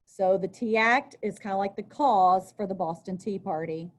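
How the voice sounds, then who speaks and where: A woman's voice: mid-range voice, moderate pace. A woman teacher giving a recorded lesson, reading aloud from a text and then explaining it in a chatty way, with casual asides. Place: at a desk with a workbook.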